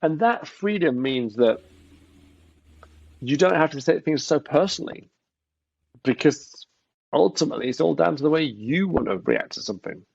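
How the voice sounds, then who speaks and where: This guest entrepreneur's voice is fairly high, husky, and creaky, moving at a moderate pace with frequent pauses. In a casual interview he animatedly tells stories and imitates the voices he quotes, and the recording is dry, dull, and lo-fi.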